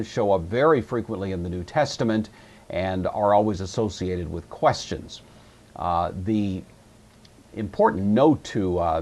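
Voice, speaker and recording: A man's voice: lowish voice, a little mellow, husky. A man teaching a grammar lesson, explaining patiently and methodically with frequent fillers. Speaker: Greek teacher. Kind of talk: recorded lecture.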